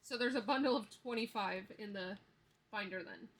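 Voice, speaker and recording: A woman's voice: mid-range voice, normal speed. A woman in her thirties chatting casually to camera as she counts cash, telling stories with easy laughs. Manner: chatty storyteller, counts bills aloud, laughs easily. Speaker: budgeting vlogger.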